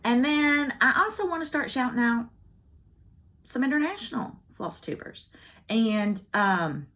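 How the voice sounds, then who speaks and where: A woman's voice: a little high, animated, unhurried, fairly bright tone. A middle-aged woman with a Southern US accent, chatting casually to camera about her hobby, with wry joking asides. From United States. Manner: chatty, wry asides and self-teasing jokes. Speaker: cross-stitch vlogger.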